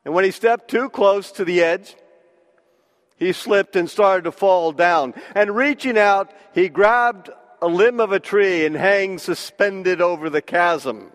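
Male preacher, sermon, high voice for a man, long echoing reverb. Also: fairly bright tone. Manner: slow, deliberate, with emphatic pauses.

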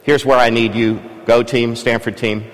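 A man's voice: medium pitch, flat delivery, moderate pace. Guy preaching in a big church, chatty, keeps quizzing the congregation, long reverb trailing off. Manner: conversational, engages congregation with questions. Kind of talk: sermon. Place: large church.

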